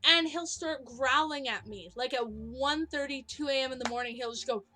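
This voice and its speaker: A young woman co-hosting a casual video-call hangout, telling animated stories with frequent laughs. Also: high-pitched, moderate pace. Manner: animated storyteller, laughs often. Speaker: co-host.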